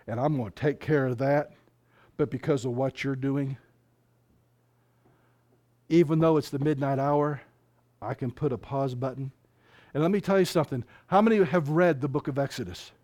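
A man preaching a fervent sermon, reading scripture aloud and speaking in quick bursts. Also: medium pitch, a little mellow. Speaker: pastor.

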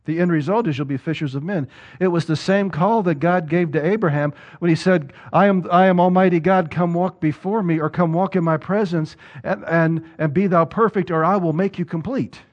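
A male pastor preaches to his congregation with a voice pitched a little high. He presses his points with rhetorical questions and repeated words. The recording sounds dull and lo-fi. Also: a little fast. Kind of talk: sermon.

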